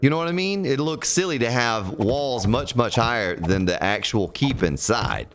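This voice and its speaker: A man's voice: mid-range voice, expressive, normal speed, a bit bright, slight background noise. A man chatting casually and ramblingly while streaming a building game. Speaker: gaming streamer. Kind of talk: casual let's-play commentary.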